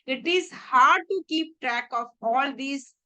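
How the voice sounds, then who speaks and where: A woman's voice: sits high, slow, sharp tone, rough recording. A woman with an Indian English accent giving an exam-prep grammar lesson. She explains carefully, often restarting words and repeating key phrases.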